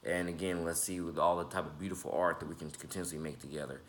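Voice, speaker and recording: A man's voice: low voice, fairly even intonation, quick pace. A man in his twenties talking casually to his viewers, rambling, with many fillers, stumbles and repeated words. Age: 20s. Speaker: independent rapper and YouTuber. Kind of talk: casual vlog talk to the camera.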